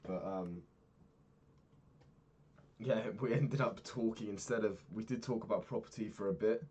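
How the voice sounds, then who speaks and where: A man's voice: fairly low pitch, unhurried, darkish tone, husky. A young man talking through his day in a candid, rambling diary vlog, swearing freely. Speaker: vlogger.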